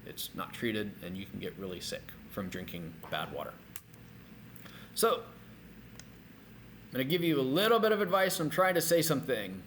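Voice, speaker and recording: A middle-aged man giving a recorded language lesson, energetic and repeating words slowly for learners to copy. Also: mid-range voice, a little hiss or hum. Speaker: language teacher.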